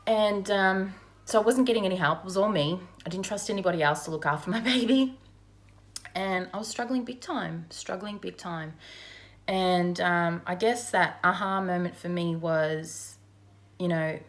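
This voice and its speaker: A woman gives a candid personal account in a slightly low voice. She speaks frankly and conversationally, with plenty of ums and you-knows along the way. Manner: frank and conversational, with many fillers. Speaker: mother sharing her recovery story.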